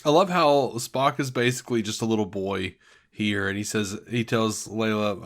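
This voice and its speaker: A man's voice: on the low side, normal speed. A man co-hosting a podcast in casual chat, talking with eager enthusiasm about favorite moments. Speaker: podcast co-host. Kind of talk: casual chat reviewing a TV episode.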